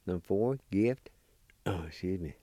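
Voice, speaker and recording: A man's voice: deep voice, expressive, moderate pace, warm tone, no room sound. A man teaching word pronunciation, sounding words out syllable by syllable in a patient, encouraging way. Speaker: language teacher. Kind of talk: pronunciation lesson.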